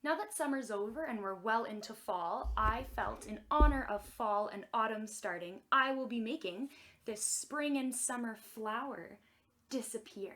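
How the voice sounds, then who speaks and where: A young woman leading a children's music and magic lesson in a gentle, encouraging way that is exaggerated for kids. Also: fairly high pitch, unhurried.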